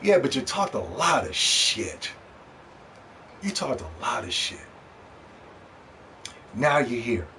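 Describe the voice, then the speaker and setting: A man's voice: mid-range voice, sing-song, takes it slowly, pauses often, bright, forceful tone. A man ranting in a heated, profane, mocking way in vlog commentary about video games. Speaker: gaming commentator. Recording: distant mic with faint background noise.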